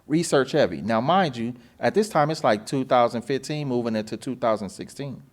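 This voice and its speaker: Here the man in his forties talks a little fast in a mid-range voice while telling his story on his podcast. Casual and animated, he swears and plays out phone calls using voices.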